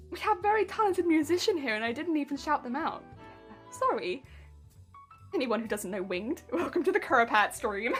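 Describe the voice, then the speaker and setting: A woman streaming while she crafts a cosplay, chatting casually, giggling often and reading out her chat. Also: high-pitched. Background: soft background music.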